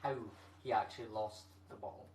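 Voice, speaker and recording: A Scottish man playing along in a live stream quiz, reading out viewer chat quickly. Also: lowish voice, fairly even intonation, a crowd in the background. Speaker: quiz player. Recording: echoey room, distant mic.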